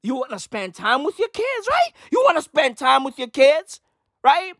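Brash high-pitched woman ranting. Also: wildly swooping pitch, normal speed, fairly bright tone, no room sound, clean studio sound. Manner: brash, slangy, repetitive, swearing. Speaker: comedian. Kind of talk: profane comedy rant.

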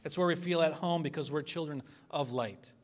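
A man's voice: fairly high pitch, brisk. A man preaching an expository sermon as a pastor, earnest and conversational, asking the congregation for responses.

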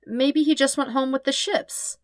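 A woman reading aloud and voicing an eager, hopeful young boy who speaks high and bouncy. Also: animated, normal speed, dry recording, studio quality.

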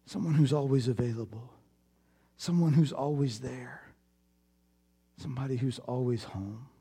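A man preaching a sermon, telling a personal story with animated swings in volume and then dropping to a hushed, prayerful tone. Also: mid-range voice, normal speed, vocal fry, husky. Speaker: pastor.

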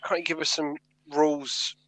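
A man co-hosting a casual podcast, excitable and quick to laugh loudly. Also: fairly high pitch. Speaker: podcast co-host. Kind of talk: casual banter.

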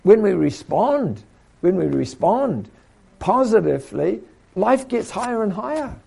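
A man's voice: high voice, very animated, a little slow, gravelly, warm tone, slightly rough. A man preaching a sermon in a conversational way, repeating himself and acting out little quotes.

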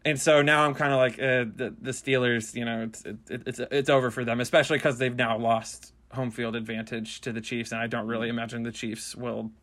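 A man's voice: mid-range voice, little pitch movement, a little fast, few pauses, fairly bright tone. Teasing man on a sports podcast. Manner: teasing, chatty. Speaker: podcast co-host. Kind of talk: casual sports podcast chat.

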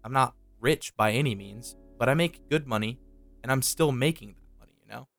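Swearing freely, a young man loosely spins a story while co-hosting a casual podcast chat. He speaks fairly quickly in a medium-pitched, creaky, fairly bright voice, and soft music plays faintly underneath.

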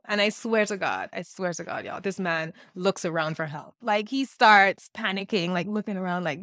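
A woman's voice: mid-range voice, lively intonation, moderate pace, few pauses, fairly bright tone, no room sound, clean studio sound. A woman co-hosting a podcast, chatting casually and laughing often as she acts out quotes from a reality show. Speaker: podcast co-host.

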